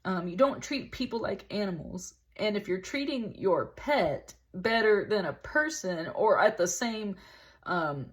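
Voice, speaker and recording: Measured and expressive, a woman's mid-range voice carries a loose, easygoing tarot reading. She wanders from thought to thought, says "like" constantly, and laughs here and there.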